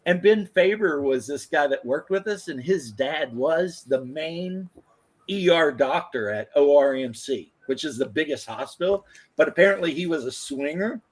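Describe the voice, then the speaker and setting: A man's voice: on the high side, animated, moderate pace, breathy edge. A man in his thirties, a former firefighter, telling rambling, profane stories in casual chat. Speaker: podcast host, former firefighter.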